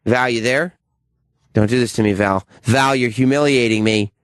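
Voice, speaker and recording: A man's voice: medium pitch, moderate pace, smooth, dry recording, studio quality. A man co-hosting a radio show, joking with callers in casual talk. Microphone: studio mic.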